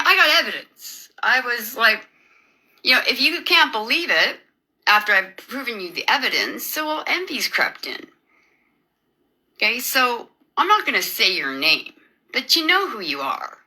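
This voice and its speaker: A woman rants to camera, agitated and sarcastic, her voice piercingly sharp and bright. Her pitch sits a little high and swoops widely as she stumbles through restarts and jabs. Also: low-quality recording. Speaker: video creator. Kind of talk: emotional personal rant to camera.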